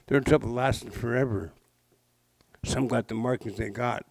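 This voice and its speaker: In a gravelly, darkish mid-range voice with fairly even intonation, a Pacific Northwest man in his sixties recounts traditional legends at a moderate pace. Speaking at a public library, he keeps the live audience involved with playful jokes and questions. The recording is dry and rough.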